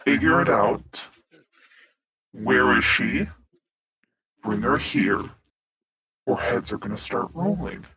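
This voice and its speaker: A man's voice: on the high side, huge pitch swings, slow, sharp tone, slightly rough, exaggerated voice. A man voicing a furious, fiery-tempered leader on a ship who makes curt, menacing demands.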